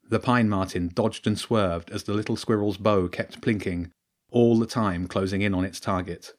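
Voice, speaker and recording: A man who wrote the story reads his children's adventure aloud, raising his voice sharply for the characters' shouts. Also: on the low side, steady tone, normal speed. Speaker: author and storyteller.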